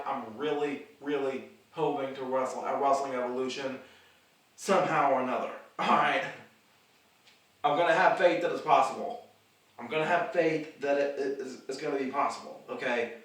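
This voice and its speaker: A young man talks straight to the camera about his own plans in a loose, rambling way, often repeating words before he gets going. His voice sits at an ordinary pitch for a man and comes from some distance off the mic. The room around him rings with a lot of echo. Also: normal speed, fairly bright tone. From the Carolinas. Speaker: independent wrestler and vlog host. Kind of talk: casual rambling monologue.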